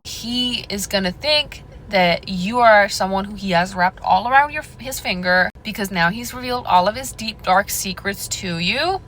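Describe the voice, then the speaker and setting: A woman's voice: medium pitch, normal speed, hardly any pauses, fairly bright tone, slight background noise, low-quality recording. A young woman giving dating advice straight to her viewers in a sassy, confiding way, calling them girl and honey. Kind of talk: direct-to-camera advice monologue.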